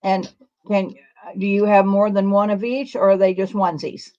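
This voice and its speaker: A woman's voice: mid-range voice, flat delivery, moderate pace, mellow, muffled recording. A woman co-hosting a live sales show, homely and folksy, reading out buyers' names and assigning their orders. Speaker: co-host taking buyers' orders.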